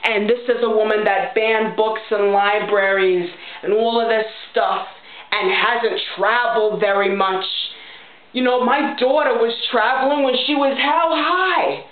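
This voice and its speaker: A woman's voice: a little high, steady tone, unhurried, lightly acted. A woman voicing a brash, foul-mouthed, chain-smoking middle-aged mother, ranting bluntly and punctuating her points with "okay?". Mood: indignant rant. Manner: blunt, ranting, profane, keeps saying okay. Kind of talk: character vlog monologue. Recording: tinny phone-like sound in an echoey room.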